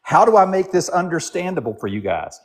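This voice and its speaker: A man's voice: high voice, big pitch swings, fairly quick. A man arguing insistently in a casual political debate, repeating his point like a lecture. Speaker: debate guest.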